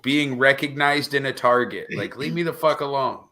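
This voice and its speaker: A man who is a stand-up comedian, guesting on a podcast and telling wry, deadpan stories with sarcastic jokes. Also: mid-range voice, normal speed, a little hiss or hum. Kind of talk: casual podcast chat.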